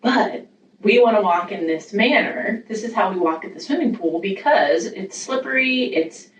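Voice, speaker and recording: A woman's voice: mid-range voice, animated, normal speed. A woman hosting a parenting podcast, chatting casually and enthusiastically, acting out little quoted lines as she talks. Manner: enthusiastic, affirming, acts out quotes. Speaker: podcast host. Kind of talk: casual conversational interview. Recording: echoey room, distant mic, faint noise.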